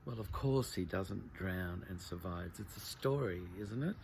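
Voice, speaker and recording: A man voicing a calm, wry older man at a desk who talks in a dry, gently teasing way, within a literary reading. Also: low voice, a little slow, creaky, slight background noise.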